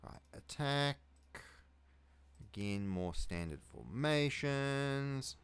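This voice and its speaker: Kiwi male gamer, unhurried, clean resonant voice, muttering play-by-play with sweary outbursts. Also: mid-range voice, expressive, smooth. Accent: New Zealand. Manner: mutters to himself, swears loudly when things go wrong. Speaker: video game let's player. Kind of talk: casual gameplay commentary.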